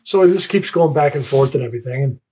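An older man telling the personal story of his out-of-body experience, halting and repeating words as he searches for them. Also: medium pitch, dark tone, slight background noise, low-quality recording. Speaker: interviewee.

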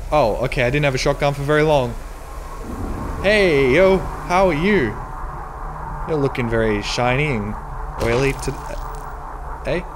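A let's play host in the middle of his range provides profane, jokey gaming commentary on a horror game, yelping whenever something startles him. He's animated but a little slow, pausing often, with noise in the background.

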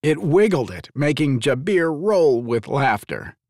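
Lively male audiobook narrator. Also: on the high side, measured pace, no echo, studio quality. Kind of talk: scripted narration.

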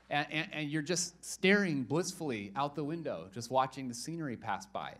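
A man in his young adult years preaching a casual sermon in a church. He jokes with the congregation and keeps restarting his sentences as he tells the story. His voice sits at a middle pitch. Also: brisk, hardly any pauses, fairly bright tone. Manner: joking, chatty storytelling with lots of restarts. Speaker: pastor.

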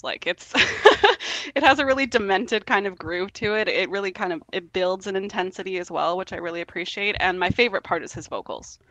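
A woman, a guest on a podcast, reviewing an album in a relaxed, casual chat full of ums. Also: on the low side, creaky, no room sound, rough recording. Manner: relaxed, hesitant with frequent ums.

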